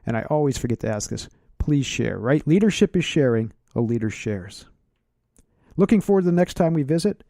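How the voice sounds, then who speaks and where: Earnest gravelly-voiced male podcast host. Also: medium pitch, big pitch swings, dark tone, no room sound, studio quality. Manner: earnest, emphatic, drawn-out stresses. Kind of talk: solo podcast monologue.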